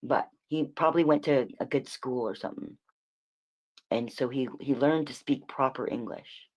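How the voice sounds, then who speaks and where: A woman with a bass voice and darkish tone rants casually on her livestream at a moderate pace. Swearing as she rambles, she often restarts her words to self-correct and shifts between emphatic declarations and muttered asides.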